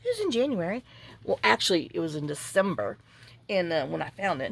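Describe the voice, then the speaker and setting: A woman's voice: mid-range voice, very animated, quick pace, vocal fry, slightly rough. Rambling woman telling a story. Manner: rambling storytelling, reenacting conversations. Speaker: junk journal crafter. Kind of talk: casual chat while crafting.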